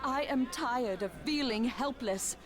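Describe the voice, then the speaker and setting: A woman's voice: sits high, a little slow, a faint crowd. An actress playing a grieving, angry female paladin of justice who speaks in a solemn, bitter, questioning way. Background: game music.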